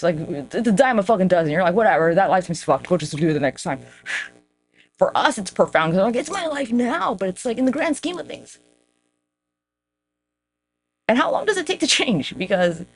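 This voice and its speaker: A woman hosting a podcast in a casual, rambling monologue, swearing freely and jumping up in pitch for emphasis. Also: a little hiss or hum. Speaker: podcast host.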